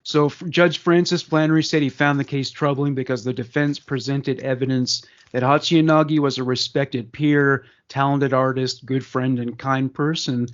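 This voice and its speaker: A man co-hosting a casual podcast, reading crime news aloud and breaking off for chatty asides full of fillers. His voice sits at a middle pitch, and the recording is slightly dull and lo-fi. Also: fairly even intonation, moderate pace, hardly any pauses. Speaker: podcast co-host.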